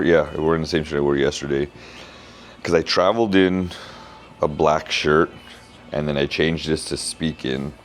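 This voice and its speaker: A keynote speaker with a bass voice chats casually in a travel vlog, rambling as he thinks aloud.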